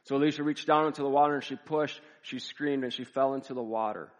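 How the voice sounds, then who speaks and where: Man preaching a dramatic story in reverberant hall. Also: medium pitch. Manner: dramatic, measured storytelling with repetition. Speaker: pastor. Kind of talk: sermon storytelling.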